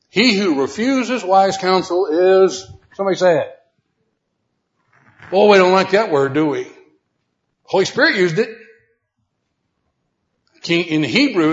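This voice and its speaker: A man teaching a Bible lesson as a preacher, emphatic and questioning his listeners directly. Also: on the high side. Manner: emphatic, rising to loud repeated exhortation; asks the audience questions directly. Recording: dull lo-fi recording.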